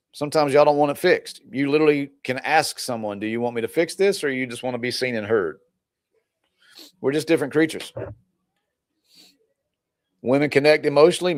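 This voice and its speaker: A man's voice: medium pitch, no room sound, studio quality. A male relationship coach talking casually to his viewers, rambling and often laughing. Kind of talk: casual livestream talk to viewers.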